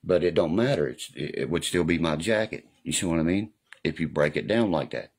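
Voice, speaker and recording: A man's voice: deep voice, expressive, a little fast, breathy edge. A man talking casually on a live stream in a rambling, profane way, often asking if you know what he means. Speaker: livestreamer. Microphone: phone or webcam on a live stream.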